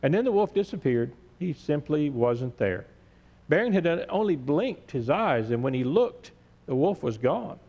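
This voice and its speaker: A male pastor reading a story aloud in a church sermon, gentle and measured. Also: fairly high pitch, sing-song, dull audio. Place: large church sanctuary. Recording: echoey church sanctuary.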